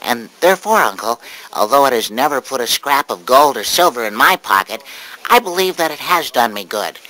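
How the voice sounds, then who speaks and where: A man's voice: medium pitch, sing-song, moderate pace, pushed and bright, rough recording. A man playing a cheerful, earnest young nephew in a radio drama. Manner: earnest, pleading.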